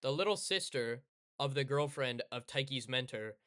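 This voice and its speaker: A man's voice: mid-range voice, lively intonation, moderate pace, sharp tone, no room sound, studio quality. A man casually rambling in sarcastic commentary over gameplay, often correcting himself. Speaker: streamer.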